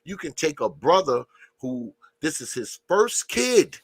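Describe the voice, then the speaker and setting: A man's voice: on the high side, big pitch swings, measured pace, breathy edge, no room sound. A man in his fifties, a grandfather, chatting casually on a podcast, easygoing, leaning on "you know" and cursing freely. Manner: laid-back, leans on "you know", swears freely.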